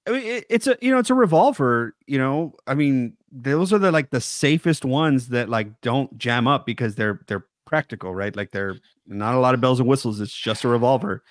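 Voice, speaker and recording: A man's voice: mid-range voice, expressive, moderate pace, few pauses, no echo, clean studio sound. A man co-hosting a horror film podcast, talking casually and animatedly, laughing often and breaking into quoted voices. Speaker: podcast co-host. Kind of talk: casual chat.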